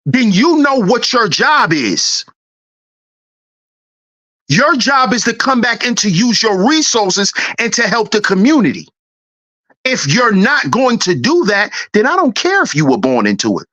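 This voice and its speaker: A livestream host rants in heated, preachy, profane fashion, repeating his lines for emphasis. His voice sits high and sing-song with a sharp tone, at a measured pace.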